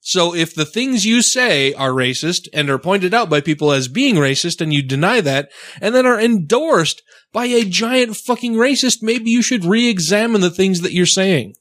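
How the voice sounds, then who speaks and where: Co-host, male, foul-mouthed ranter, slightly high voice, dry close sound. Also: lively intonation, moderate pace, fairly bright tone, no room sound. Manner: profane ranting. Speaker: podcast co-host. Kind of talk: casual chat.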